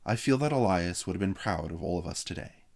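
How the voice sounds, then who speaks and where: A man's voice: deep voice, lively intonation, brisk, vocal fry, a little mellow. A man voicing a sly teenage boy running a summer camp, announcing in a mock-official way. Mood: mock-formal.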